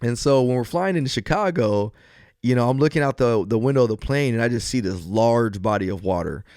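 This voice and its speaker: A man hosts a podcast by himself, with a smooth, clear voice recorded close and dry. He moves from earnest encouragement to loose, joking storytelling. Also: mid-range voice, expressive, fairly quick, darkish tone, no echo. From US West Coast. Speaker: podcast host. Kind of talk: solo podcast talk.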